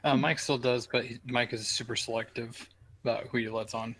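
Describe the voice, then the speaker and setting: A man's voice: medium pitch, fairly even intonation, brisk, a bit bright. A man chatting on a group call as a guest artist, coy and teasing as he hints without telling. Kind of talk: casual group chat on a call.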